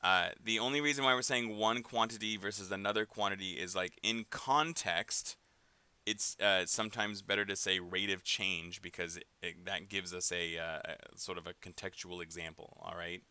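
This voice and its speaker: A male math teacher runs a casual recorded algebra lesson, leaning on fillers and tags such as "right?" and "okay?". His voice is low, steady, pushed and bright, clear and resonant, at a moderate pace, with no echo.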